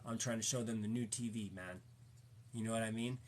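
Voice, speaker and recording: A man's voice: lowish voice, fairly even intonation, a little fast, a little hiss or hum. A man in a casual, rambling chat, slangy and cussing, fired up and preachy as he talks to a viewer.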